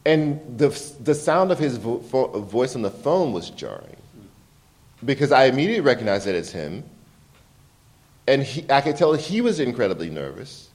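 Animated, halting male author. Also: mid-range voice. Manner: animated, laughs often, halting restarts. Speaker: author being interviewed. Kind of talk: candid conversational storytelling.

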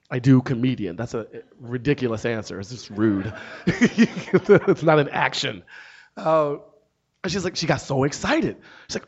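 A man in his thirties, a comedian and author, telling a story to an audience with wry, deadpan asides. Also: medium pitch, moderate pace, slightly rough. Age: 30s. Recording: dull lo-fi sound.

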